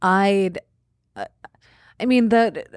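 A woman who is a guest on a podcast, speaking in a measured, affirming way. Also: medium pitch, clean tone, dry recording, clean studio sound. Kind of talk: conversational interview.

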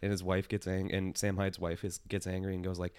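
A young man co-hosting a podcast from a living room, relaxed and casual as he retells stories. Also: deep voice, fairly quick, clean tone, no echo. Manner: laid-back storyteller who acts out quotes. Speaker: podcast co-host. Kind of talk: casual chat. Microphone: studio mic.

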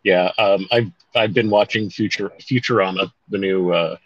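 A man's voice: low voice, fairly even intonation, moderate pace, dry recording. A man co-hosting a podcast in casual chat, rambling and correcting himself as he goes, with some mild swearing. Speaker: podcast co-host. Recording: dull, dry home-mic sound.

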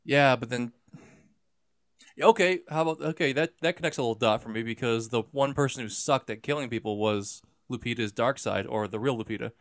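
A man's voice: a bit bright, dry recording. A young man who talks in fits and starts, restarting phrases and jumping up when he makes a point. The recording is close and dry. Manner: halting, restarts often, jumps up in pitch when making a point. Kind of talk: casual movie discussion.

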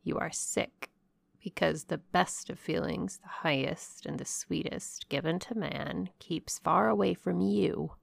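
A woman reader puts on a shrewd old crone telling fortunes in a harsh, gravelly voice. She speaks low, slowly and with decided weight, every word probing. The sound is dry and close. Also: dry recording, heavily acted. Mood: deliberate. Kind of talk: audiobook character voice.

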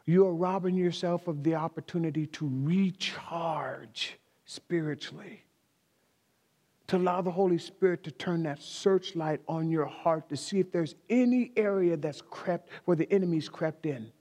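A man's voice: fairly high pitch, measured pace, warm tone, in a large hall. A man preaching a sermon, speaking emphatically, repeating key phrases and talking directly to the congregation in a church. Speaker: pastor.

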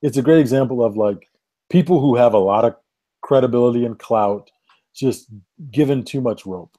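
A man's voice: medium pitch, moderate pace, dark tone. A man co-hosting a podcast, chatting casually about movies in a laid-back way. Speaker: podcast co-host.

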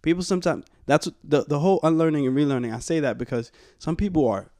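A man's voice: on the high side, lively intonation, fast, darkish tone, no room sound, studio quality. Reflective man musing on adult life. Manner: reflective, rambling with restarts and "like". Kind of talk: casual chat.

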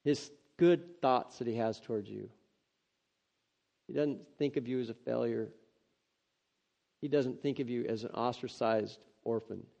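A man preaching, reading scripture aloud and breaking off into earnest, excitable, conversational asides. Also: mid-range voice, unhurried, gravelly, long pauses. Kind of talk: devotional scripture reading with commentary. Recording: dull lo-fi sound.

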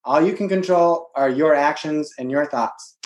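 A man, a podcast guest, giving earnest motivational advice in steady phrases. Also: a little high, moderate pace. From United States. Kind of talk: motivational interview talk. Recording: roomy remote call audio.

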